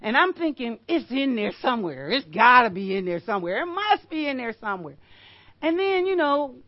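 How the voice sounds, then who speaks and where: A woman's voice: on the high side, big pitch swings, a little fast, no echo, highs cut off. An older woman giving a sermon, emphatic and storytelling, with rhetorical questions.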